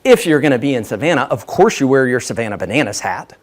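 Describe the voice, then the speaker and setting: A man's voice: medium pitch, fast talker. A man giving a humorous business talk as guest speaker, telling self-deprecating stories. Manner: lively self-deprecating storyteller.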